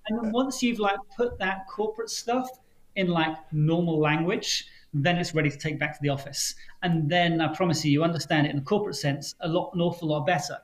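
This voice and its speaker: A man with a fairly high voice, speaking as a guest in a livestream interview. He tells his stories briskly and with animation. His voice sits a little above the usual male range. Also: rough recording. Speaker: guest author.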